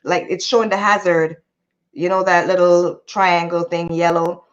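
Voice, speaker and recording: A woman hosting a casual livestream, telling a story in an animated, chatty way and stopping to greet viewers. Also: on the low side, moderate pace. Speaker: livestream host. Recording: muffled lo-fi audio.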